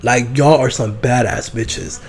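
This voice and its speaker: Speaking at a measured pace with a medium-pitched voice, a man hosts his own podcast, with slight background noise. Alone on the mic, he animatedly spins rambling stories laced with profanity.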